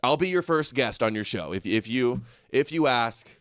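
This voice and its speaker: A man hosting a show, giving casual live reaction commentary in a sarcastic, mocking way with sudden shouted bursts. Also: medium pitch, lively intonation, moderate pace, no echo, clean studio sound. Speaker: host.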